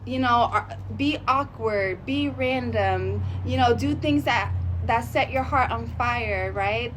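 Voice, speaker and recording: A woman vlogging in a chatty, rambling way, thinking out loud about her goals and sharing that she is emotional and sensitive. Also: a little high, slow pace, background noise. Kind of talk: casual motivational vlog talk.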